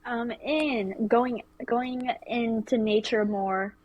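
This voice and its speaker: A woman's voice: a little high, steady tone, dull audio. A woman guest in a casual podcast chat, giving short, hesitant answers. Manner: brief, slow, hesitant answers.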